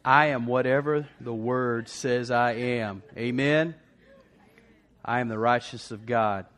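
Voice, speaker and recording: A man's voice: mid-range voice, fairly even intonation, a little slow, a bit bright. A man preaching a sermon, emphatically repeating declarations and calling for responses from the congregation. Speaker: pastor.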